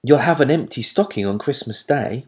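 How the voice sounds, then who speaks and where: A man voicing a proud, bossy little schoolgirl who talks in a high, matter-of-fact, know-it-all way, in a storybook reading. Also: expressive, moderate pace, natural voice.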